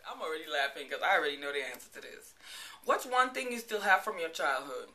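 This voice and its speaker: A vlogger in her thirties with a Virgin Islands accent chats playfully to the camera, laughing often. Her low voice is very animated, fast, and pushed bright.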